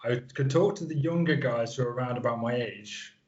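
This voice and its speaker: A man's voice: mid-range voice, fairly quick, highs cut off. A man in his thirties from the Isle of Man, a guest wrestler chatting casually and rambling with fillers. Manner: rambling, lots of fillers and restarts. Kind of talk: casual interview chat.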